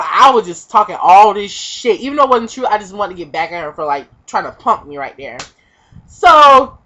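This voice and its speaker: A young woman vlogger telling a comic personal story, animated and profane, acting out the voices of the people in it. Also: mid-range voice, normal speed. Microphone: webcam. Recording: dull lo-fi webcam audio.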